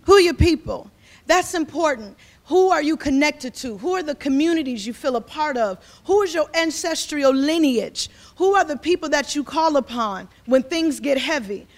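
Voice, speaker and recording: A woman speaks as a community organizer, her voice sitting high. She talks fervently and a little ramblingly, circling back and repeating words as she pushes her point. The delivery is loose and conversational, slipping into casual phrasing mid-speech. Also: animated, moderate pace, few pauses. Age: 40s. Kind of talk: impassioned speech to an audience.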